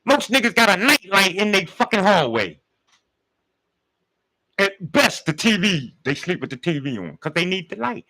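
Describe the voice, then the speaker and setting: A man's voice: high-pitched, sing-song, moderate pace, bright, forceful tone, low-quality recording. A man giving a casual spiritual talk, using street slang and speaking straight to his listeners. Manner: street slang, conversational, addresses listeners directly. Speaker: spiritual teacher.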